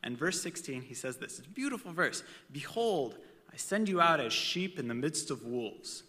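Bright-voiced preacher man in an echoing hall. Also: fairly high pitch, expressive, moderate pace. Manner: conversational, chatty asides. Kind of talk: casual sermon with personal stories.

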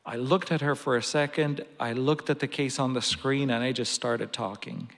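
A man's voice: medium pitch, fairly even intonation, moderate pace, fairly bright tone. A man preaching a sermon, telling a personal story earnestly with some restarts. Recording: long reverb of a large hall.

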